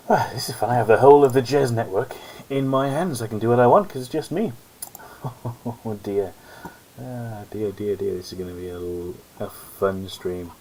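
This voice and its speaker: A man's voice: on the low side, moderate pace, mellow, poor audio. A man hosting a live-stream alone, chatting casually in a rambling, self-mocking way. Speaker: host. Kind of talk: solo live-stream commentary chat.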